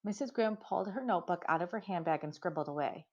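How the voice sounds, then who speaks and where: Woman, audiobook narration, even pace, muffled home recording. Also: fairly low pitch, fast talker. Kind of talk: scripted narration. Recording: dull lo-fi recording.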